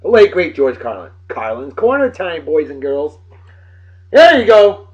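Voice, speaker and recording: A man hosting his own casual webcast, rambling and crude and quick to get riled. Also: a little high, big pitch swings, a little mellow, breathy edge, lo-fi sound. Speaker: show host.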